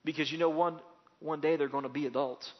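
A male pastor delivers a sermon in a slightly high voice, pressing points home with repetition and rising emphatic bursts. The sound is dull and lo-fi, and a long reverb trails after each phrase. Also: steady tone, a little fast.

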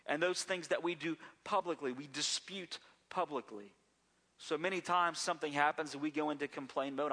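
Bright-voiced male pastor preaching conversationally. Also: on the high side. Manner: conversational preaching with rhetorical questions. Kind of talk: sermon.

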